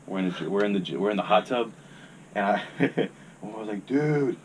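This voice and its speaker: Deep-voiced young man telling a story. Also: fairly even intonation, fairly quick, a little hiss or hum. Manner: laid-back, swears freely, rambling. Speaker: podcast guest. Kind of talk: casual storytelling.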